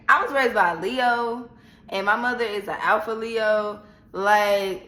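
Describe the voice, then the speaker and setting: Bright, animated woman telling a story. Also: medium pitch, slow. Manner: animated, slangy, dramatic retelling. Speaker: vlogger. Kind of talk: casual storytelling. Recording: echoey room.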